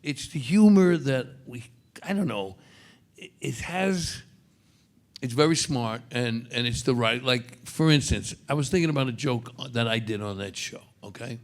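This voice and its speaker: A man in his seventies with a Brooklyn accent, a guest actor at a convention panel, telling rambling stories with restarts. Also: mid-range voice. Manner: gravelly, halting, storytelling with restarts.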